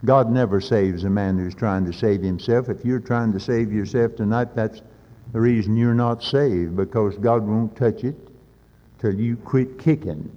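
A man preaching a sermon with fervent urgency, building to loud peaks and dropping in folksy asides. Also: fairly low pitch, measured pace. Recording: old lo-fi recording in a reverberant hall.

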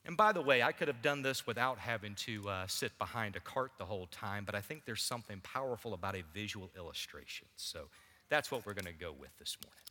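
A bright, lively male pastor preaching to his congregation, his pitch sitting a little high and swinging widely. His voice rings through a church sanctuary with a long reverb. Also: a little fast. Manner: animated preaching with audience asides. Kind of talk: sermon.

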